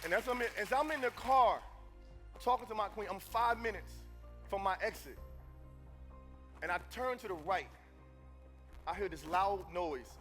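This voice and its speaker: A man speaking from a conference stage, his voice sitting high and sounding bright and forceful. He preaches to the crowd, dropping to a hushed, personal tone and then rising to loud calls. Faint music plays behind him. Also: animated, normal speed, pauses often. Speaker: motivational speaker. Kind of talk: live motivational speech. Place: conference stage before an audience.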